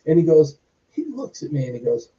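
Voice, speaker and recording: A middle-aged Boston man, once a wrestler and stuntman, spins a long, rambling story as an interview guest, drifting off on tangents and acting out the dialogue he quotes. His voice sits fairly high, with a sing-song, brisk, mellow quality. The audio sounds distant and muffled.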